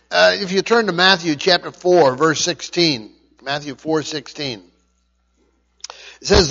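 A man preaching a verse-by-verse Bible teaching, stumbling and repeating words, his voice rising loud and then dropping quiet. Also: a little high, creaky, in a large hall, lo-fi sound. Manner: halting, repeats words often, swings between loud and quiet. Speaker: pastor.

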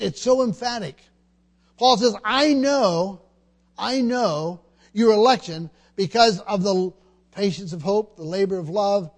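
A man preaching a sermon, emphatic and teaching, often repeating words and asking the congregation questions. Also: high voice.

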